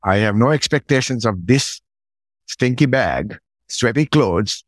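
A middle-aged man, a podcast guest, telling a personal story in a relaxed conversational way and acting out his own side of past conversations. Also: medium pitch, unhurried, no echo.

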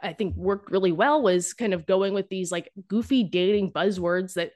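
A woman's voice: medium pitch, normal speed, darkish tone. A young woman who makes dating content, talking casually and with humor in an interview, full of fillers and restarts. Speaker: guest, dating content creator.

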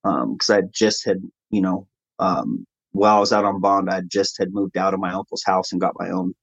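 A man as an interview guest, telling his own story earnestly in a conversational way and getting animated when he quotes others. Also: deep voice, moderate pace, vocal fry, husky, no echo, poor audio.

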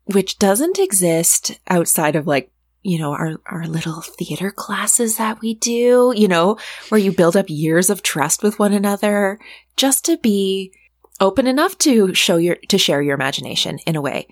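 A woman speaks in a thoughtful, musing way during casual podcast chat. Her voice sits at a middle pitch. The recording is dry and close. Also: expressive, moderate pace, no echo. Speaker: podcast guest.

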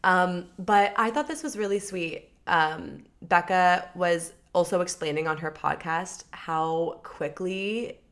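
Chatty young woman podcast co-host, lower voice. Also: slow, few pauses, a bit bright. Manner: upbeat, chatty, laughs often. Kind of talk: casual celebrity gossip chat.

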